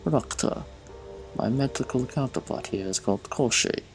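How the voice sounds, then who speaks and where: A man voicing a pleasant, cultured man in a trench coat, speaking with a put-on Russian accent in a courteous, unhurried way. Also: mid-range voice, faint music behind, pitched above the performer's own voice, lightly acted, rough recording.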